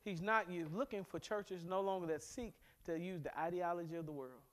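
A man, a pastor from America, preaching a sermon in a church, animated and humorous, with sudden bursts of emphasis. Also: high-pitched, a little fast. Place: church sanctuary.

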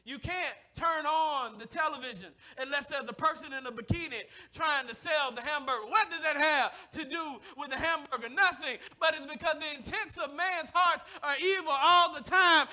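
Male pastor, high and sharp-toned, fervent sermon with shouts and hushed asides. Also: moderate pace. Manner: impassioned preaching, swinging from shouts to hushed near-whispers; calls on the congregation to respond. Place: church service, streamed live.

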